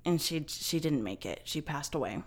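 Woman podcaster, chatty and casual, kinda low voice, lots of likes and ums. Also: lively intonation, moderate pace. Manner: chatty, many fillers, swears. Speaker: podcast host. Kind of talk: casual storytelling chat.

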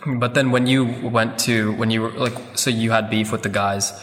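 A man's voice: on the low side, normal speed. Laid-back male interviewer with hall reverb. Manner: relaxed, agreeable, prompts with "mm" and "yeah". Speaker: interview host. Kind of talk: casual interview chat. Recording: long reverb.

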